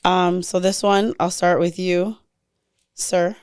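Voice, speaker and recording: A woman co-hosting a podcast who has lost her voice, talking in a hoarse, hesitant, gentle way with many fillers. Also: lowish voice, little pitch movement, slow pace, no echo, clean studio sound. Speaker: podcast co-host. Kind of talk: casual chat.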